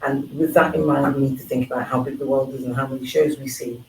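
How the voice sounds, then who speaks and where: A man's voice: mid-range voice, little pitch movement, quick pace, reverberant, recorded from a distance, noisy background. A man from England speaking thoughtfully on a live panel at a forum, with frequent fillers. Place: event hall at a live forum.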